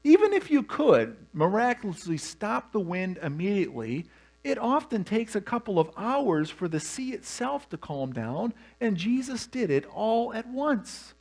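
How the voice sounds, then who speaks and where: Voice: medium pitch, big pitch swings, a little slow, a little mellow. A pastor preaching a sermon, telling the story with humor and animation.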